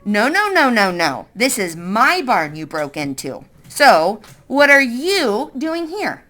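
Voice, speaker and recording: A woman voicing a sharp, probing middle-aged woman with a wooden leg, questioning a boy sardonically in a read-aloud story. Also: a little high, very animated, slow pace, exaggerated voice. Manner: sardonic, interrogating.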